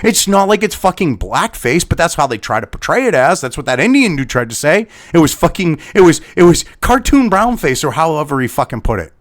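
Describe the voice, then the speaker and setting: A man's voice: on the high side, sing-song, fairly quick, few pauses. A man delivering an angry, profane commentary rant, exasperated and swearing constantly. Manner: swearing heavily, exasperated, sighing. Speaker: commentary host.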